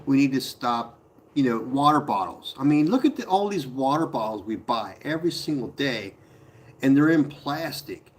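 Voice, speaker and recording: A man with an animated, medium-pitched voice talks at a moderate pace on a casual live stream from his pottery studio. He laughs frequently, reads viewers' comments out loud, and speaks to them by name.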